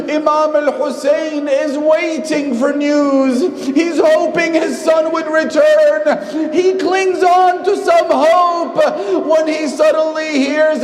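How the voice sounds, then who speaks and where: A man reciting a mournful religious lament, slowly narrating and then crying out repeated calls. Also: extremely high pitch. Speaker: majlis reciter. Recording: echoey hall reverb.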